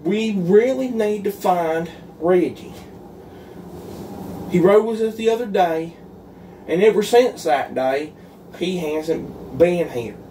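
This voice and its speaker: A man's voice: high-pitched, animated, takes it slowly, long pauses, warm tone, slight background noise. A man doing a solo roleplay in a folksy, earnest and pleading way, as if talking to a gang of friends. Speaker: roleplay creator.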